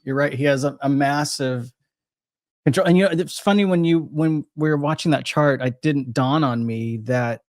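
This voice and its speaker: A man's voice: a little high, moderate pace, no echo, studio quality. A man talking casually about crypto trading, rambling with frequent restarts and self-corrections. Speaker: crypto trader guest. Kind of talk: casual podcast chat.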